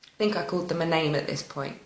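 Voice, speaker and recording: A woman's voice: deep voice, fast, a little hiss or hum. Candid woman in an echoey room. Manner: raw, candid, emotional, swears freely. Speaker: spiritual vlogger. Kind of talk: personal confessional storytelling. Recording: roomy echo.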